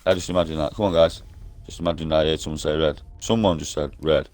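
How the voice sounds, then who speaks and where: A man's voice: a bass voice, steady tone, fast, darkish tone. A man talking nonstop in an online game voice party over a headset mic, conspiratorial and swearing heavily. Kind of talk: rambling party voice chat. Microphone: gaming headset over online voice chat.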